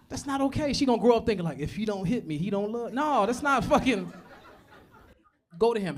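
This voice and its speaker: A man's voice: high-pitched, animated, fast talker. A young man doing a stand-up comedy set, telling profane stories, acting out voices and laughing at his own jokes. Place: comedy club stage.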